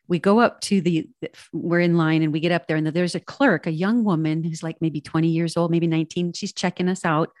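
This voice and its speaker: A woman guest speaks with a slightly low voice, recounting events in a lively, animated way. She acts out the back-and-forth of other people's words as she goes. The sound is dry and close. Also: brisk, hardly any pauses, no echo. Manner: animated, acts out quoted dialogue. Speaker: guest, ministry president. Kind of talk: casual interview storytelling.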